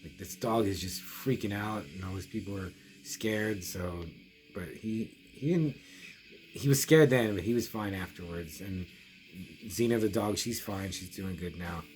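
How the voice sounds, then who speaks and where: A man's voice: low-pitched, a little slow, darkish tone. A middle-aged man casually telling a long story for his horror review vlog, rambling with many restarts and quoted asides. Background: music.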